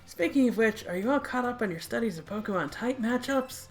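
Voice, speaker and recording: A woman voicing a cheerful female math teacher who speaks gently and encouragingly to her class. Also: fairly high pitch, animated, a little fast, soft background music, voice pushed up, natural voice.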